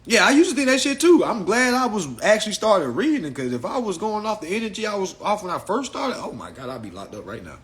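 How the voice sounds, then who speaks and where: Animated, bright-voiced young man. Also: high voice, quick pace, few pauses. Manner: animated, profane, laughs a lot. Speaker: livestream host. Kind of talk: casual livestream chat.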